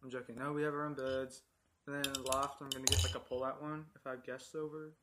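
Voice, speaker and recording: A man's voice: medium pitch, flat delivery, fast. A teenage boy co-hosting a casual podcast chat in a laid-back, drawling, joking way. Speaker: podcast co-host. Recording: noisy home recording.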